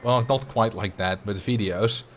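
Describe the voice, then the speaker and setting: A man's voice: mid-range voice, animated, normal speed, slight background noise. A man with a light Dutch accent, chatting casually and animatedly to viewers on a livestream. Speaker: streamer.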